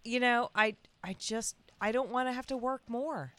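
A woman's voice: a little high, moderate pace, a bit bright. A woman guesting on a casual podcast chat, wry and playful.

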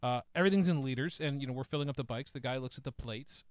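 A man's voice: mid-range voice, fast talker, no echo. A man co-hosting a podcast, telling rambling stories in casual, profane chat. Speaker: podcast co-host. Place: small podcast studio.

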